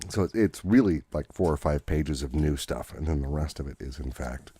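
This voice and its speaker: Very deep, rambling male podcast host. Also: normal speed, mellow, breathy edge. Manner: rambling, with many fillers and restarts. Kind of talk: casual chat recapping comics.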